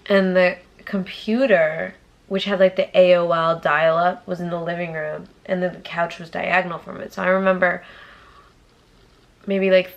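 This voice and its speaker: Woman, young adult, from Massachusetts, YouTuber. Gravelly, profane storyteller with whispered asides. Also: lowish voice, a bit bright, highs cut off. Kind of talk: casual storytime vlog.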